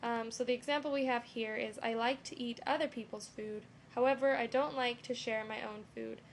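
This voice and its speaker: In a casual screen-recorded lesson, a young woman teacher talks in a relaxed, conversational way, sprinkling "um" and "you know" throughout. Her slightly high voice has a gravelly edge, with a faint hiss beneath the recording.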